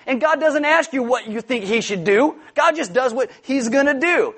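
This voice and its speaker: Man, pastor, high voice, casual humorous sermon, bursts into shouting at times. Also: expressive, normal speed. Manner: joking, conversational preaching with sudden loud outbursts. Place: church before a congregation.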